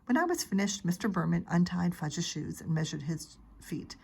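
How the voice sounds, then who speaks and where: A teacher reading a children's chapter book aloud, narrating in a steady, expressive way. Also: female voice, lowish voice, moderate pace, vocal fry, slightly rough. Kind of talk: storybook read-aloud.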